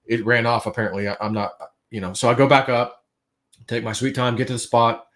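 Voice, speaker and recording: Man, casual livestream storyteller, animated, acts out quotes, hushed then loud. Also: mid-range voice, a little fast. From United States.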